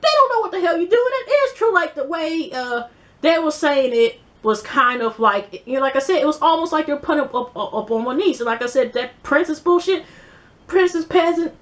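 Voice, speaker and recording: A woman's voice: high-pitched, animated, moderate pace. A woman reviewing a reality show in a casual vlog, rambling bluntly with profanity and many fillers.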